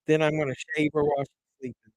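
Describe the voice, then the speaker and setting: Man, livestream host, crude teasing humor, somewhat high voice, dry close sound. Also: level tone, fast, a little mellow, no room sound. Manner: laughs at his own jokes, teasing. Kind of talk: crude joking chat with live viewers.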